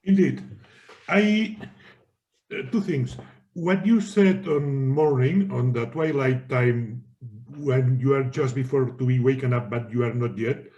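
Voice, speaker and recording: A man's voice: mid-range voice, measured pace, a little mellow, lo-fi sound. A man in a study group discussion, sharing his experience in careful, slightly unusual phrasing. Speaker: group member.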